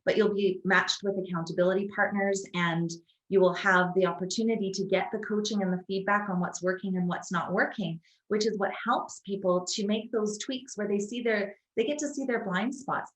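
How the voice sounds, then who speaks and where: A woman co-hosting a casual chat, explaining a coaching program with persuasive enthusiasm. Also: on the low side. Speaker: co-host promoting a coaching program. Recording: echoey room.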